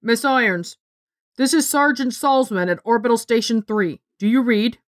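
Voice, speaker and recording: A woman voicing a stern male station sergeant who gives calm, clipped commands over the radio. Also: fairly high pitch, moderate pace, no room sound, studio quality, natural voice.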